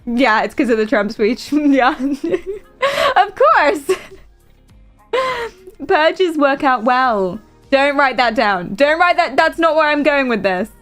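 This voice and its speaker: A woman's voice: high voice, very animated, slow pace, fairly bright tone, faint music behind. A British woman streaming, chatting casually in a rambling, giggly and playful way. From Britain. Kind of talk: casual live-stream chat.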